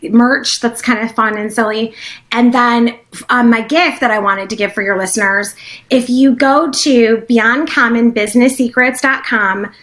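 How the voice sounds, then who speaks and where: A woman with a fairly high voice, a business coach guesting on a podcast. She talks in an excitable, tumbling way, stringing thoughts together with filler words. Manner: excitable and fast-flowing, full of "like" fillers. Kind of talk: casual interview chat.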